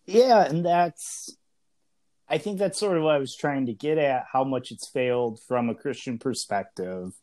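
A man in his early thirties co-hosts a casual podcast discussion. He talks in a loose, conversational way, often restarting his sentences and leaning on fillers. His voice sits at an ordinary middle pitch for a man. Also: moderate pace, a little mellow. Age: early 30s. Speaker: podcast co-host.

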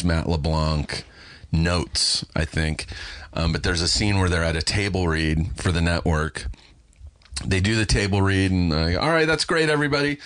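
Deep-voiced, swearing podcast host. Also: male voice, a bit bright, no room sound. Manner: profane, enthusiastic storyteller. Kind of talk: casual chat.

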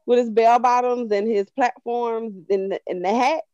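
A woman's voice: on the high side, fairly even intonation, normal speed, mellow, no room sound. A woman chatting casually, laughing as she fills in family memories. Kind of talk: casual reminiscing chat. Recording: dry, dull lo-fi sound.

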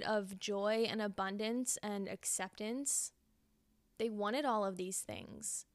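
A woman's voice: mid-range voice, a bit bright, clear, resonant tone, dry recording, clean studio sound. A young woman hosting a podcast, talking earnestly through a reflective self-help monologue and repeating phrases for emphasis. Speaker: podcast host.

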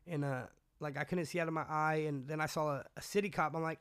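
A man's voice: fairly high pitch, steady tone, fast, few pauses, a bit bright. Profane, rambling man telling his story. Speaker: guest recounting his past. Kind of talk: casual storytelling.

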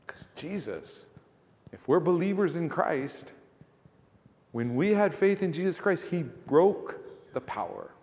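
A man's voice: on the high side, big pitch swings, takes it slowly, a little mellow. Guy preaching a sermon, chatty but emphatic, lots of questions to the crowd, long echo like a church hall. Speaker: pastor.

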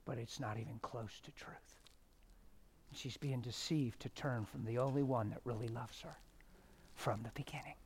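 A middle-aged man preaching a testimony sermon, swinging from loud shouted stretches to hushed, near-whispered ones. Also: mid-range voice, steady tone, moderate pace, slight background noise.

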